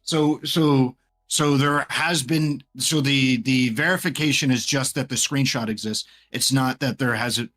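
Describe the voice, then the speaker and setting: A man in a played clip, asking halting, probing questions in a discussion. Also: medium pitch, fairly even intonation, fairly bright tone.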